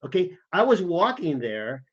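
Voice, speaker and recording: A man's voice: high-pitched, moderate pace, slightly rough. Man telling travel stories on a dull lo-fi recording. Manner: animated anecdotal storytelling. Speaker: podcast co-host, former intelligence officer. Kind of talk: casual chat.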